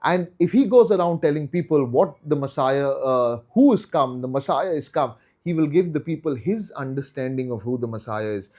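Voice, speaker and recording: A man's voice: medium pitch, expressive, moderate pace, few pauses, a little mellow. A man teaching a Bible study in an earnest way, repeating key phrases for emphasis.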